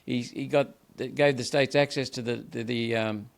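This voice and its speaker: Emphatic gravelly-voiced older Australian man. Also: medium pitch, fairly even intonation, moderate pace. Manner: ranting, emphatic, repeats words. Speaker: senator, guest. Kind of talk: impassioned political interview.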